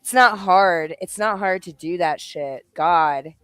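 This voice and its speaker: A woman hosting a late-night livestream chat, ranting loudly, cursing and laughing as she talks. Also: lowish voice, slow pace, clear, resonant tone. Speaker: livestream host. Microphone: home streaming setup.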